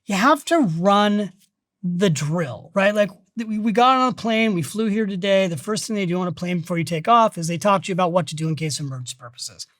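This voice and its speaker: A middle-aged man, a guest on a podcast interview, who talks about money in an emphatic, energetic way and tells stories as he goes. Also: high-pitched, a little fast, no echo, clean studio sound. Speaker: guest, financial author.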